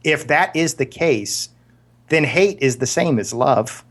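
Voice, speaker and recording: A man's voice: mid-range voice, expressive, slow, a bit bright. A man co-hosting a casual podcast, arguing earnestly with stumbling restarts and absurd analogies. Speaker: podcast co-host. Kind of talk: casual argumentative discussion.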